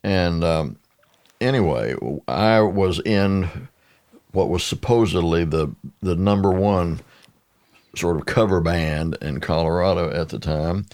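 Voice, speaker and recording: An older man with a very low voice tells stories as a podcast guest. He rambles, circles back and restarts his sentences as he goes, recorded in a studio. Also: slow pace, darkish tone. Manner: rambling, with many restarts and asides. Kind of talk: conversational storytelling. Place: radio studio.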